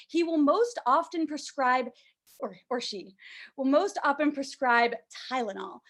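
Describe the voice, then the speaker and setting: Brief: young woman from canada, high voice, stand-up set, self-deprecating, lots of ums. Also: a bit bright. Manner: self-deprecating, fillers like um, high sing-song put-on voices for baby talk. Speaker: stand-up comedian.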